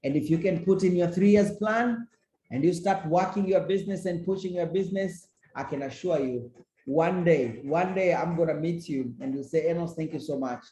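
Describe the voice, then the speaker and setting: A man's voice: a little high, moderate pace, warm tone. Emphatic motivational man in an echoey room. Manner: repetitive, emphatic, encouraging. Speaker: business trainer. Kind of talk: motivational talk.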